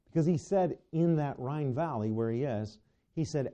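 Dark-voiced male preacher, dull recording. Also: mid-range voice, normal speed. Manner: asks the congregation rhetorical questions, stumbles and restarts. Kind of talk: sermon.

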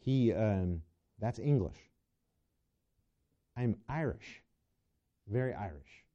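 Dark-voiced male preacher, dull recording. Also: fairly low pitch, lively intonation, slow. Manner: asks the congregation rhetorical questions, stumbles and restarts. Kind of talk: sermon.

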